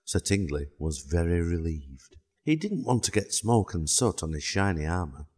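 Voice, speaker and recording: A man narrating a children's storybook in a calm, even way. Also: deep voice, normal speed, breathy edge.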